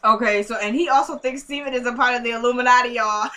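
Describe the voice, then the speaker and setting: A young woman recapping a TV episode in a chatty, animated way, talking straight to her viewers. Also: a little high, fast talker. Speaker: TV episode reviewer. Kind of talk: casual recap to camera.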